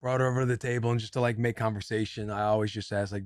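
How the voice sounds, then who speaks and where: A man's voice: mid-range voice, very fast, no room sound, studio quality. Laid-back man co-hosting a podcast. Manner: relaxed, chiming in with short replies. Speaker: podcast co-host. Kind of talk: casual chat.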